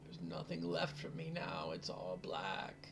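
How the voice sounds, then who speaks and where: A man's voice: low-pitched, very animated, measured pace, gravelly, background noise, exaggerated voice. A man voicing a frail old mother, half-mad with grief, who wails and repeats her words in despair. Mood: grief-stricken.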